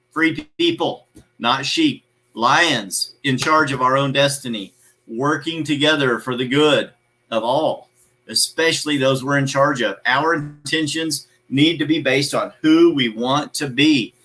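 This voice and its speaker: Emphatic man with a bright voice. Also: medium pitch, a little slow, poor audio. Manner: emphatic, preachy, repeats key phrases; greets viewers' comments by name. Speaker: motivational show host. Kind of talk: live motivational talk.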